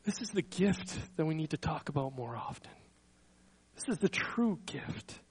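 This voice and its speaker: A man with a high-pitched voice delivers a sermon. He slows down and lifts his voice when reading scripture, then trails off softly at the ends of thoughts. Between quotes he stumbles and repeats small words. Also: lively intonation, breathy edge, poor audio. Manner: earnest, slows and swells on scripture quotes, soft trailing endings. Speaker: pastor.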